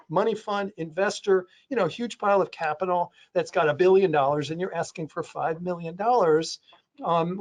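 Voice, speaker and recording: A man with a fairly high voice talks on a panel in a loose, rambling way. He restarts sentences often and leans on fillers as he goes. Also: a little mellow. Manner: does playful voices for quotes. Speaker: panelist on a real estate crowdfunding webinar. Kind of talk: conversational panel talk.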